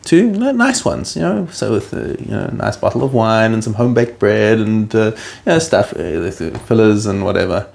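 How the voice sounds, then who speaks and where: A man hosting a casual podcast conversation, thinking aloud in halting, reflective phrases. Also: on the low side, expressive, creaky, a little mellow. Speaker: podcast host.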